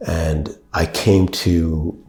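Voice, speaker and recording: Older guy, dark mellow voice, slow thoughtful interview stories, livens up quoting folks. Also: very deep voice, echoey room. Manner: measured, thoughtful, animated when quoting. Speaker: actor and director, guest. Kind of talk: reflective interview storytelling.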